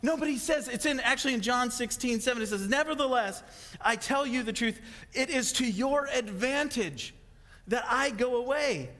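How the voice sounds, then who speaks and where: A man with a high, bright-toned voice preaches to his congregation, rushing ahead when he gets excited. His words ring out with a long hall reverb, as in a church sanctuary. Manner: fast, excitable, animated delivery with acted-out asides. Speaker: pastor. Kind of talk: sermon.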